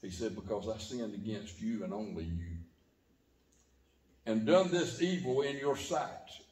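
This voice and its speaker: A man's voice: animated, unhurried, a little mellow. Man preaching in an echoey church. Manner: preaching with sudden rises and drops in pitch and volume. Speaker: pastor. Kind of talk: sermon. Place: church sanctuary.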